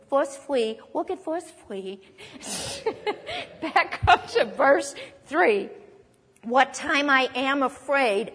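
A woman teaching a sermon on a psalm, expressive and lively, acting out quoted lines. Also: sits high, long reverb tail. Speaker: Bible teacher.

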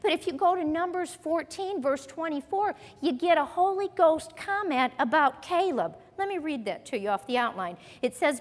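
A woman preaching a sermon in an animated way, mimicking complainers with comic asides. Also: sits high. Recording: long hall reverb.

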